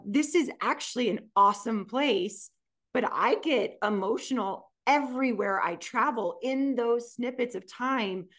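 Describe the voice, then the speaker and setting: A middle-aged woman co-hosting a podcast, talking in a heartfelt, gushing way. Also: medium pitch. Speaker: podcast co-host. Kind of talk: casual chat.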